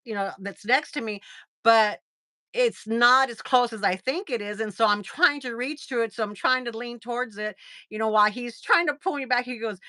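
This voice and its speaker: Lively, laughing American woman storyteller. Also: on the high side, a little fast, dry recording. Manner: animated, laughs often, acts out quotes. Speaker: livestream host. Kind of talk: casual storytelling on a livestream.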